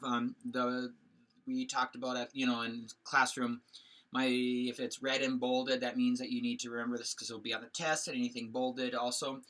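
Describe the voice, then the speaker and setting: Male teacher, very sharp bright tone, casual rambling slide lecture full of fillers. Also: mid-range voice. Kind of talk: recorded history lecture over slides.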